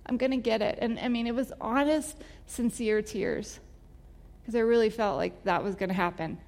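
A woman's voice: on the high side, normal speed, darkish tone. A woman giving a personal testimony, telling her story in a candid, emotional way. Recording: long hall reverb.

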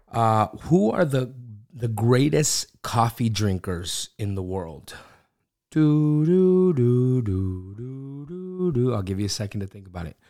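Middle-aged male Bible-study podcast host, low voice, chatty and rambling, dry close sound. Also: no echo. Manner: upbeat and rambling, with frequent restarts. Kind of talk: casual devotional podcast talk. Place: home recording studio.

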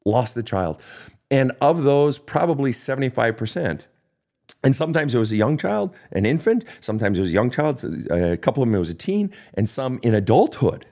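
A man's voice: big pitch swings, fairly quick. A man in his fifties, a life coach answering listener questions in a recorded online session, talking bluntly and swearing heavily as he drives his points home. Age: 50s. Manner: blunt, heavily profane, emphatic preaching delivery; swings between hushed low stretches and high impassioned bursts.

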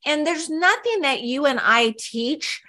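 Bright-voiced chatty woman podcaster. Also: high-pitched, animated, measured pace. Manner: chatty, upbeat, with fillers and restarts. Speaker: podcast co-host. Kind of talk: casual podcast chat.

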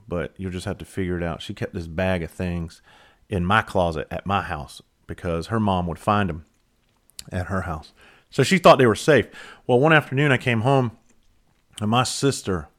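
A middle-aged man hosts a podcast, telling a rambling, profane story in a loose, self-mocking way. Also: low voice. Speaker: podcast host. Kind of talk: casual storytelling.

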